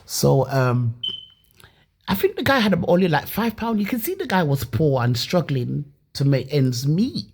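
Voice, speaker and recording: A woman's voice: low voice, big pitch swings, unhurried, darkish tone, slight background noise. A woman from Leeds telling her own story casually and animatedly, with many restarts and some swearing. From Leeds, England.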